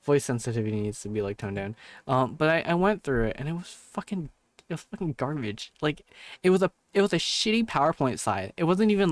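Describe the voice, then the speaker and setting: A man's voice: fairly high pitch, no echo. Rambling, cursing male streamer. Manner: rambling, swears a lot, many restarts. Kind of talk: casual live-stream chat.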